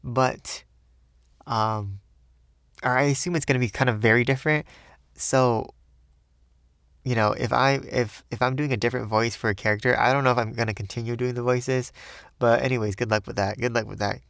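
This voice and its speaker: A man's voice: mid-range voice, fairly even intonation, moderate pace, long pauses, a bit bright, clear, resonant tone, no room sound, studio quality. Rambling male audiobook narrator. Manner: rambling, filler-heavy, self-deprecating. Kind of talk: audiobook reading and casual commentary.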